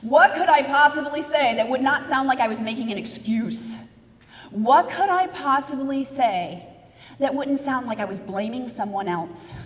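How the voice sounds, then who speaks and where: An American woman giving a lively live keynote speech, telling a story and questioning and directing her audience. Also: sits high, moderate pace. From United States. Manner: energetic storyteller, asks audience questions, gives instructions. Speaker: motivational keynote speaker. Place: large event hall with audience. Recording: reverberant hall sound.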